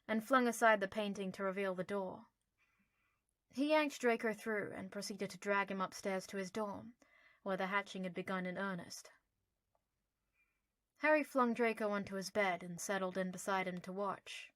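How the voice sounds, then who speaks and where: A woman narrating an audiobook in a lively, playful storytelling manner. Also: medium pitch, moderate pace, no echo, studio quality.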